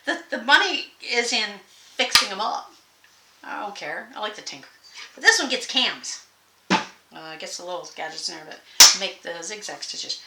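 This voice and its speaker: Here the sewing vlog host talks at a normal speed in a medium-pitched, animated voice. She's folksy and rambling from her sewing room, laughing frequently, while the room echoes and faint noise hangs in the background.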